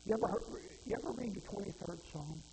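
A man's voice: high-pitched, lively intonation, fast talker, background noise. A man preaching a sermon in a folksy way, asking the congregation questions and quoting scripture. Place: church hall. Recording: reverberant hall.

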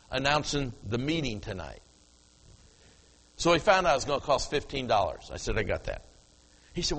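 A man's voice: mid-range voice, a bit bright, in a large hall, low-quality recording. An older man preaching a sermon, telling a story from the platform and acting out the dialogue. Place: church platform before congregation.

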